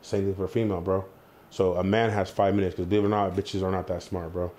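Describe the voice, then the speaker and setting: A young man telling wild stories in a casual interview, animated, slangy and full of swearing. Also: low-pitched, fast. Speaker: interview guest, entrepreneur.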